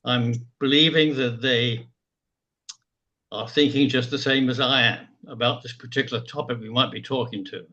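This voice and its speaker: An older man from England, speaking slowly and haltingly in a reflective group discussion, with many pauses. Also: medium pitch, fairly even intonation, sharp tone, muffled recording. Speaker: group member.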